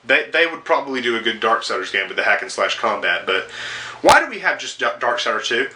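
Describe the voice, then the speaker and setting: A young man rants as a video game reviewer in a commentary video, profane and sarcastic, swearing constantly and tossing in exasperated asides. His mid-range voice is very animated, brisk and bright, with a forceful tone, and there's a slight hiss or hum in the recording.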